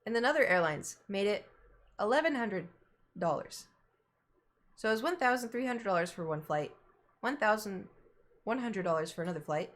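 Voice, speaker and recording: A woman's voice: medium pitch, animated, moderate pace, long pauses. A woman streamer chatting casually on a live stream, telling a story and breaking off to scold her cat in exasperated asides.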